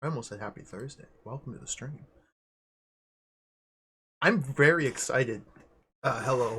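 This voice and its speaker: A man hosting a video game livestream, greeting viewers by name in an excitable, giggly way. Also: mid-range voice, normal speed, a little hiss or hum. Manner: excitable, laughs often, greets chat by name. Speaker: livestream host. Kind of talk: casual livestream chat.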